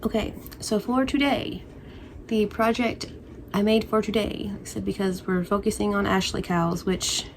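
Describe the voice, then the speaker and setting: A woman's voice: mid-range voice, fairly even intonation, normal speed, slight background noise. A woman crochet vlogger chatting casually at home, rambling and playful with spooky asides. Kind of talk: casual chat.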